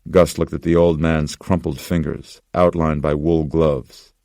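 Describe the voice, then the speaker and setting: A man narrating a horror audiobook in a steady, even reading. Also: extremely low pitch, measured pace, no echo, clean studio sound.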